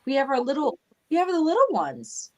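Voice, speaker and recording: A woman's voice: sits high, wildly swooping pitch, brisk, rough recording. Upbeat woman hosting a podcast chat. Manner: upbeat, prompting and encouraging. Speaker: podcast host. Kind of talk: casual panel chat.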